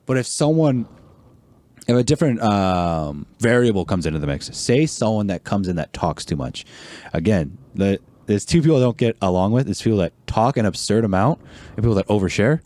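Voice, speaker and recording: A man's voice: fairly low pitch, animated, a little fast, a little mellow, no room sound. A young man in his twenties talking casually as a podcast guest. He acts out voices in his stories and laughs often. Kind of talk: casual chat.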